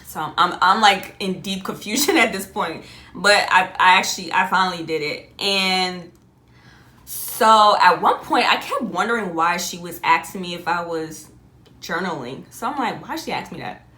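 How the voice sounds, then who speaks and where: A young adult woman telling a personal story in a casual, animated way, often laughing and jumping up high on exclamations. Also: moderate pace, roomy sound. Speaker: vlogger.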